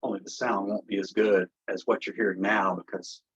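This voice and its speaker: A man's voice: fairly low pitch, little pitch movement, a little fast, fairly bright tone, slightly rough. A man giving a casual, impassioned and sarcastic livestream briefing as an election integrity activist, talking from an office through a headset. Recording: muffled headset audio.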